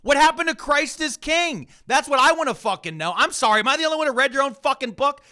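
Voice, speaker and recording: A man's voice: very high voice, lively intonation, fast, pushed and bright. A man co-hosting a podcast, ranting with profanity in casual news commentary. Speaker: podcast co-host.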